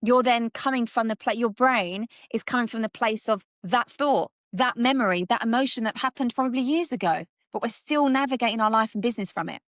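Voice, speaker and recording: A woman guest coach talking through mindset ideas in a lively, conversational way, often acting out little scenes. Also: fairly high pitch, brisk, hardly any pauses, no echo, studio quality. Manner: animated, acts out little scenes in different voices.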